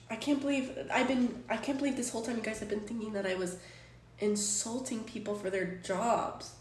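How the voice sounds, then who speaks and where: A woman's voice: on the high side, steady tone, fairly quick, slight background noise. Exasperated streamer woman, echoey and distant. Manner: exasperated, rambling, swears freely. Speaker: Twitch streamer. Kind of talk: casual chat stream. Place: apartment room. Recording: echoey room, distant from mic.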